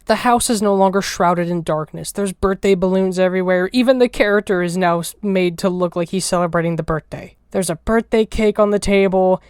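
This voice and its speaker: A woman's voice: lowish voice, brisk, hardly any pauses, a little mellow, clear, resonant tone, no room sound, studio quality. A woman narrating a game commentary, thinking aloud, emotional and swearing freely. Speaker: video essayist. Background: faint music.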